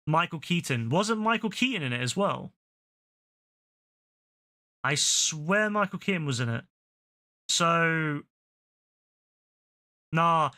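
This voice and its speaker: Bright, fired-up young male streamer. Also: on the high side, big pitch swings, slow, long pauses. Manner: ranting, profane, repeats himself. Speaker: game streamer. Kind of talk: casual live-stream chat.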